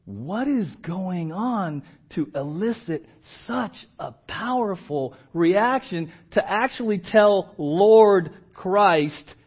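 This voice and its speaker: A male pastor delivers a sermon in an unhurried, deliberate voice that sits a bit high for a man. He plays out the scripture scenes with sudden leaps in pitch and volume and keeps checking in with the room. The recording sounds muffled and lo-fi. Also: slightly rough. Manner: animated, acts out quoted lines with big swings in pitch and volume; asks the congregation questions and often checks in with "right?". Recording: dull lo-fi church audio.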